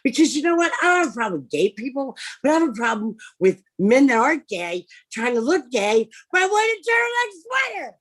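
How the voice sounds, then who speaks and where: A brash, foul-mouthed woman rambles through an improvised stand-up set, her fairly high voice leaping all over the place. She lurches from shouted outbursts to muttered asides. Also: fairly quick, few pauses. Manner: animated, swings from loud outbursts to mutters. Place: home, over a livestream.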